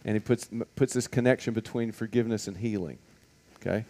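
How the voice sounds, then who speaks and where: A man's voice: fairly low pitch, fast talker, dark tone. A man teaching a Bible lesson to a group in a conversational way, asking many rhetorical questions and stopping on fillers.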